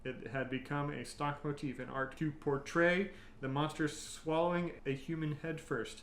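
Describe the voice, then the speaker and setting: A man co-hosting a casual podcast, dropping dry, deadpan quips. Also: fairly high pitch, normal speed, echoey room, a little hiss or hum. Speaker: podcast co-host. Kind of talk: casual chat.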